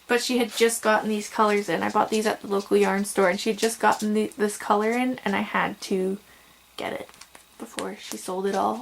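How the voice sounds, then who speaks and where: A woman's voice: medium pitch, gravelly, slight background noise. A young woman chatting casually at home about her yarn, gushing and rambling a little, tired and fighting hiccups. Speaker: crochet vlogger. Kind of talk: casual show-and-tell vlog.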